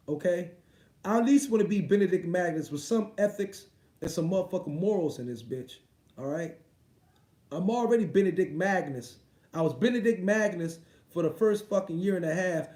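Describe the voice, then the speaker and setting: A man's voice: sits high, warm tone. A man hosting a boxing livestream, ranting casually in a profane, rambling way full of repeats. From United States. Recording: roomy echo.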